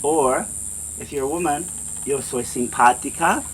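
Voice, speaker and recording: A man teaching a beginner language lesson in a classroom, patiently repeating example phrases slowly. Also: mid-range voice, a bit bright, slight background noise. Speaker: Spanish teacher.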